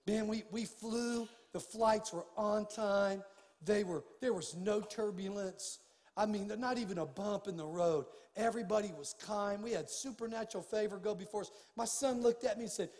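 High-voiced pastor preaching in a reverberant hall. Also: male voice, moderate pace, darkish tone. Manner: preaching with rising fervor, casual folksy asides. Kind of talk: sermon. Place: large church sanctuary.

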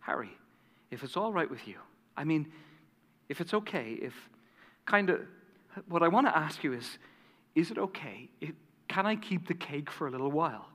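A male preacher voicing a shy, lonely woman who speaks softly and haltingly. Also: high-pitched, fairly even intonation, big-room sound, pitched above the performer's own voice. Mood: shy, hesitant. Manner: hesitant, soft, halting. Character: lonely, timid woman at a diner.

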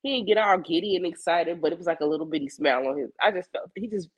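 A hoarse woman in her forties with a fading voice and a cough, talking candidly and reflectively in her personal video journal. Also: on the low side, fast, no echo, highs cut off. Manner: candid, rambling, colloquial, reflective. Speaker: psychic medium keeping a video journal.

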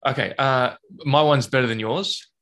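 A man's voice: mid-range voice, moderate pace, a bit bright. A man hosting a casual chat, joking and laughing often. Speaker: podcast host.

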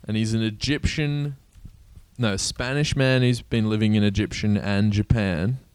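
A man's voice: lowish voice, fairly even intonation, unhurried, darkish tone, clean tone. A man in casual chat, easygoing, often answering with short agreeing replies.

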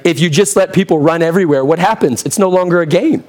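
Hoarse-edged preacher man, conversational. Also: fairly high pitch, fast talker, a little mellow. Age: 30s. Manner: direct, conversational preaching with rhetorical questions. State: getting hoarse. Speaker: pastor. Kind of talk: sermon.

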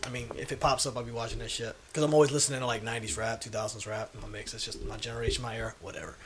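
A man's voice: mid-range voice, level tone, very fast, a little hiss or hum. A man from Orangeburg, co-hosting a casual podcast with rambling stories and crude slang. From Orangeburg, South Carolina. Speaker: podcast co-host.

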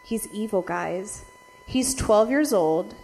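A young woman telling a story to her viewers. She talks fast with constant "like" fillers, heavy swearing and frequent laughs, and her voice jumps in pitch and loudness as she rants. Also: vocal fry, slight background noise. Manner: animated swings in loudness and pitch when ranting. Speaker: vlogger.

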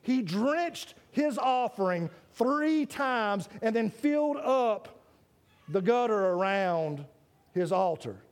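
A man preaching a sermon in an animated way, calling out to listeners by name and stumbling over quick restarts. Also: sits high.

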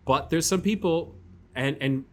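A man's voice: a little high, measured pace, darkish tone. A man co-hosting a casual podcast chat, rambling and often restarting his sentences as he thinks aloud. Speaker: podcast co-host.

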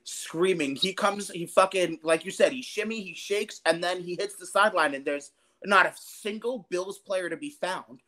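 Fired-up man ranting on a sports podcast. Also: high voice. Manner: animated, heavy swearing, fast rants. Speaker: podcast co-host. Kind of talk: casual sports podcast chat.

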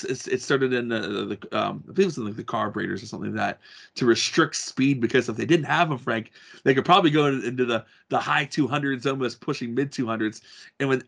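Another co-host joins the casual motor racing talk, his medium-pitched voice gravelly and a bit bright. He rambles too, restarting often and filling gaps with fillers.

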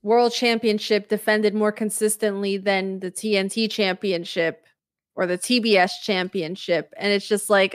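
Woman co-host chatting, mid pitch, blunt and emphatic, dry close sound. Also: fairly even intonation, moderate pace, clean tone, no room sound. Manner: candid, emphatic, swears casually. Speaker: podcast co-host. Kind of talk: casual chat.

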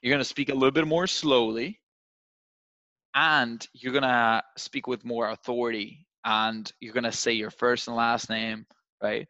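A man's voice: medium pitch, steady tone, unhurried, pushed and bright, dry recording. A young man coaching a trainee on cold calling, acting out phone calls in different voices to make his points. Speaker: sales trainer. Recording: dull, slightly lo-fi dry sound.

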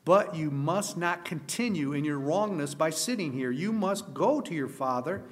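A man voicing a firm but gentle woman nanny in a read-aloud story. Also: a little high, animated, moderate pace, natural voice.

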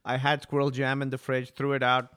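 A man chatting casually as a podcast guest. He talks in an animated, profane way, with laughing asides. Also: medium pitch, a little fast, smooth. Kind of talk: casual chat.

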